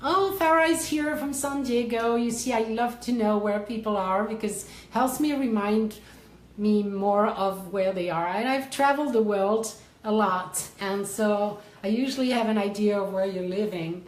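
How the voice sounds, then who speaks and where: A woman's voice: mid-range voice, normal speed, reverberant, rough recording. A woman from France with a French accent, hosting a life coaching livestream in casual chat and greeting viewers by name with effusive enthusiasm. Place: her office.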